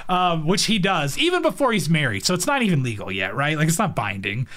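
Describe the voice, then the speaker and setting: Chatty man with a higher voice. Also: big pitch swings, quick pace, a bit bright. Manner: rambling, heavy use of "like", laughs often. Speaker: podcast co-host. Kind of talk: casual chat reviewing a movie.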